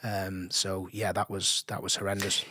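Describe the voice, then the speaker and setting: Man, 30s, low voice, dry studio sound, animated storyteller who laughs a lot. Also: moderate pace, dry recording. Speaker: guest. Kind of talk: casual chat. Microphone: studio mic.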